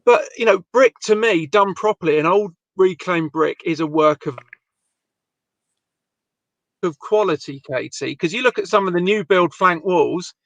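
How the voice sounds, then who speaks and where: A man's voice: sits high, moderate pace, a bit bright, no room sound. A man hosting a live-stream chat about bricklaying, reading viewer comments aloud and asking his guests questions. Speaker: host.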